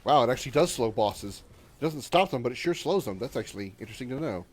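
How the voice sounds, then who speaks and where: A man in his thirties talks to his chat while he plays a video game. He keeps up loose, profane banter and reads viewer comments aloud, full of fillers and quick asides. His voice sits in a middling pitch. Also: expressive, husky. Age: 30s. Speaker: gaming livestreamer. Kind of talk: casual live-stream chat while gaming.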